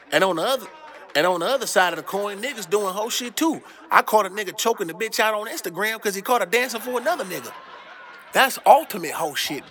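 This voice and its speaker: Young dude ranting on his show, loose and cussing a lot, slangy. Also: high-pitched. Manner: loose, profane, animated rants with slang. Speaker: host. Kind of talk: casual commentary monologue.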